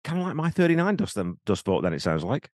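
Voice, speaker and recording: A man's voice: medium pitch, sing-song, fast, a little mellow, dry recording. A man co-hosting a podcast, blunt and sweary with a dry sense of humour. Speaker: podcast co-host. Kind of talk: casual chat.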